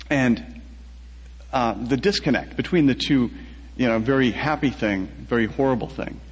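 Male author, husky and soft-spoken, mid-pitched, recorded in a big reverberant space. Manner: soft-spoken, halting, with many restarts. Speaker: author being interviewed. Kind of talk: reflective personal storytelling. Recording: long hall reverb.

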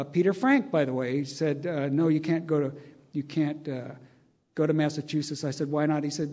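A man's voice: a little high, warm tone. An older man telling a long, wry anecdote to an audience, chuckling as he acts out the dialogue. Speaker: storyteller.

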